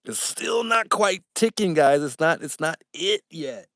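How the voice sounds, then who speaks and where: A young man hosting a casual livestream, upbeat and animated as he reads viewer comments and thanks his audience. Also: on the high side, a little slow, vocal fry, dry recording, clean studio sound. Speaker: livestream host.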